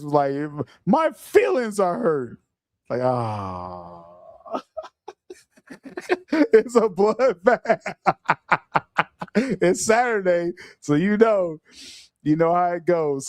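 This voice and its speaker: Animated high-voiced man laughing through commentary. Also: no echo, clean studio sound. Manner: laughs often, animated and mocking. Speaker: podcast host. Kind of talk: reaction commentary on a clip.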